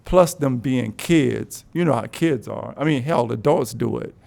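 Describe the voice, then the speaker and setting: A man's voice: mid-range voice, a little slow, vocal fry, a little mellow. A man co-hosting a casual podcast, a parent who gives frank, opinionated takes. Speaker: co-host. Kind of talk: casual chat.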